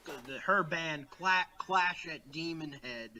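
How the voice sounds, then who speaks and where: A man's voice: a little high, unhurried, bright, forceful tone, slight background noise. A man co-hosting a podcast, chatting casually about movies, rambling with lots of fillers and restarts over a remote call. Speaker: podcast co-host. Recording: remote call, poor audio.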